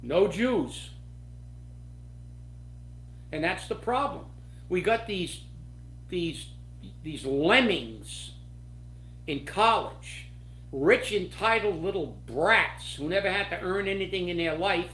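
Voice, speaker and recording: Angry guy ranting on a political talk show, slow talker, echoey room. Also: high-pitched, lively intonation, a bit bright, slight background noise. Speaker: political commentary host. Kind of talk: political commentary.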